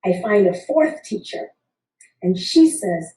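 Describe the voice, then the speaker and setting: A woman's voice: mid-range voice, big pitch swings, slow, warm tone. A woman in her fifties telling a funny personal story to an audience, playful and acting out the people in it. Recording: roomy sound from a distant mic.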